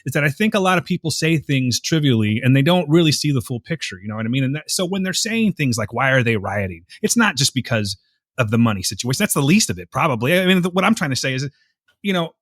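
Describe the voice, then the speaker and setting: Fast-talking earnest male podcast host. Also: medium pitch, very animated, fairly bright tone, no room sound, clean studio sound. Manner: earnest, emotional, rambling with restarts. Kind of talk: casual podcast discussion.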